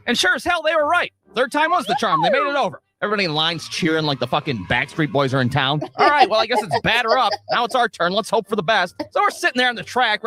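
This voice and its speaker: A man telling a comedic story from the United States, in a profane, animated rant. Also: sits high. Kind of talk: comedic monologue.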